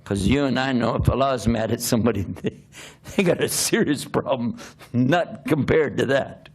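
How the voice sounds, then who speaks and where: An older man, a preacher, telling a humorous personal story in an animated, self-mocking way, often laughing as he talks. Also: medium pitch, moderate pace, breathy edge.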